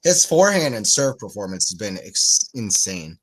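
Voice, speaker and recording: A man's voice: lowish voice, very animated, normal speed, a bit bright. A man giving casual live tennis commentary for a watchalong stream, just woken up, rambling into chatty asides between calls of the points. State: just woke up.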